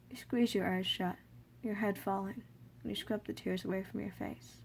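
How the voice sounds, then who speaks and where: Woman softly narrating a second-person story. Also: medium pitch, fairly even intonation, normal speed, gravelly, slightly rough. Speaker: fanfiction reader.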